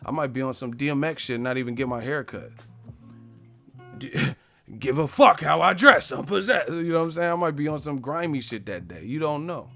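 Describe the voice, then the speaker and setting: A man's voice: a little high, expressive, fairly quick, gravelly, bright, forceful tone, faint music behind. A man hosting a boxing live stream, ranting casually and profanely, joking and mocking stiff interviewers with put-on voices. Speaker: boxing channel host.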